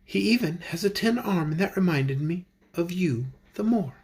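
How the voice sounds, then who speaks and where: A man's voice: sits high, lively intonation, normal speed, darkish tone, breathy edge. A man voicing a young woman who speaks in a cool, politely amused way.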